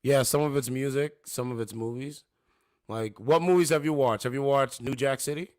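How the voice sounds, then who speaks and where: A man's voice: mid-range voice, moderate pace, a little mellow, dry recording. A man hosting a casual livestream from his home studio, rambling and repeating "you know what I'm saying". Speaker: livestream host. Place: home studio with two monitors.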